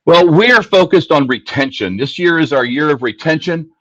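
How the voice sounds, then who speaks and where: A man's voice: a little high, expressive, moderate pace, fairly bright tone, no echo. A man speaking as a dealership service leader on a panel. He talks emphatically and repeats his key points. The audio sounds dull and dry, with no room around it. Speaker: dealership fixed ops leader. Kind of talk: panel discussion.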